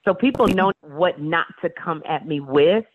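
A woman talk show host, a guest in a casual radio interview, telling stories in a playful, animated way. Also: sits low, normal speed. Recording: tinny phone line.

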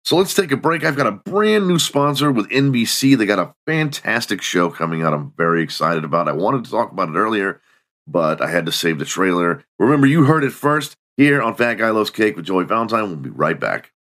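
A man's voice: fairly low pitch, very animated, a little fast, a bit bright. A middle-aged man hosting a solo comedy podcast, sarcastic and mocking, acting out little scenes. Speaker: podcast host.

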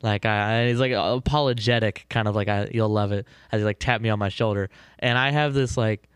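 A young man chats quickly on a podcast, telling a story in an easygoing way. His voice is smooth and clear, recorded close and dry. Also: lowish voice, fairly even intonation, a bit bright, no echo. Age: young adult. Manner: quick, laid-back storytelling. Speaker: podcast regular. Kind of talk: casual chat.

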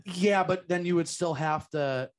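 A man's voice: fairly high pitch, a little slow. A man chatting casually and laughing on a podcast. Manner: animated, laughing, self-deprecating.

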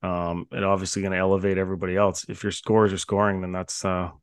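A man co-hosting a casual sports chat, telling animated stories and laughing often. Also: sits low, quick pace, smooth, dry recording, clean studio sound. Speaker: podcast co-host, former hockey player.

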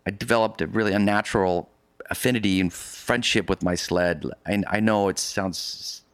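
A man's voice: on the low side, fairly even intonation, normal speed, fairly bright tone, clean tone, dry recording. A man being interviewed, telling a long story in casual conversation. He rambles, restarts his sentences often and adds vivid asides. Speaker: interview guest recounting a polar expedition.

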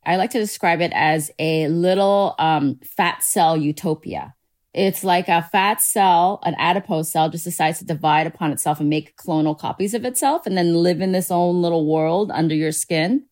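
A woman's voice: on the low side, moderate pace, darkish tone. A woman dermatologist, a guest in an interview, explaining her work in a lighthearted, chatty way. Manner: lighthearted, explanatory, with casual fillers. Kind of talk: conversational interview.

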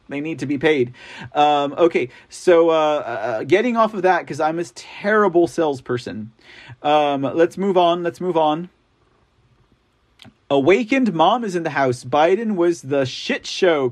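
Male livestream host, high voice, loose chatty delivery, answers the chat. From Texas. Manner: chatty, reads and answers viewer comments, frequent laughs. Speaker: livestream news show host. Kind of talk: casual live-chat talk.

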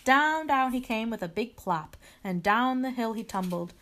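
A woman reading a children's story aloud, clear and expressive. Her voice sits a little high and moves with plenty of life. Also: normal speed.

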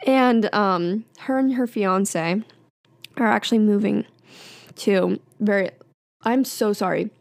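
A woman's voice: medium pitch, slow, vocal fry, pauses often, dry recording. Chatty young woman podcaster, dry sound. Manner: chatty and candid, lots of fillers and little laughs. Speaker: podcast host. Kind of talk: casual solo podcast chat.

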